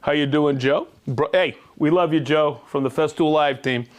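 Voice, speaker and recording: A man hosting a livestream, reading out viewer shout-outs in an upbeat, jokey way. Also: a little high, normal speed. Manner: upbeat, jokey, rattling off names and places. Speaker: livestream host.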